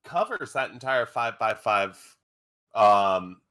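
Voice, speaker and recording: A man running a tabletop game as game master, narrating scenes and throwing in quick playful asides. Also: lowish voice, animated, pushed and bright.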